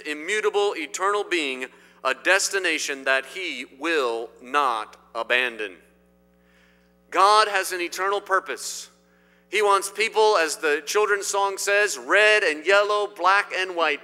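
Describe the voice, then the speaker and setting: Middle-aged male pastor from Indiana, emphatic sermon delivery, slightly high bright tone, long reverb. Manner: emphatic, swinging between loud declarations and quiet asides. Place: church sanctuary.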